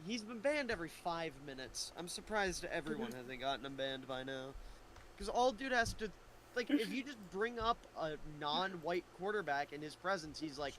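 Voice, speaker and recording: A man with a high, lively voice trades jokes with friends on a podcast, swinging his pitch up and down as he riffs. A faint hiss sits under the recording. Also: normal speed, poor audio. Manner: animated, joking, swears freely. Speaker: podcast co-host. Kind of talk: casual chat.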